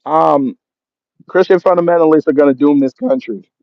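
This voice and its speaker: A man's voice: a little high, normal speed, creaky, dry recording. Mocking man hosting a livestream. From Jamaica. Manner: mocking, sarcastic, laughs at chat commenters. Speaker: livestream host. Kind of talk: casual livestream chat reading comments. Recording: dull lo-fi stream audio.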